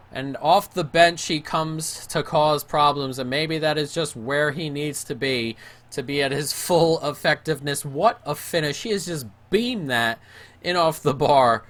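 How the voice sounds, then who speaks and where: A man's voice: a little high, a little slow. Man commentating his own football game. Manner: mock play-by-play, swinging between excited shouts and gloomy muttering. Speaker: gaming YouTuber.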